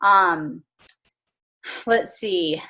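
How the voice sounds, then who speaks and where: A woman with a bright, forward voice, talking to her team in a casual motivational call. She is chatty and earnest, filling pauses with "um" and soft laughs. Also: fairly low pitch. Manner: chatty and earnest, with frequent fillers and small laughs. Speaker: team coach.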